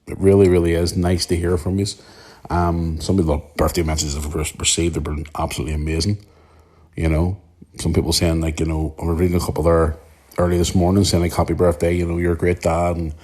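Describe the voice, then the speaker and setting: A man in his 40s hosts a podcast, delivering a rambling, emotional monologue in a casual style and swearing freely. His voice is low-pitched with a darkish tone.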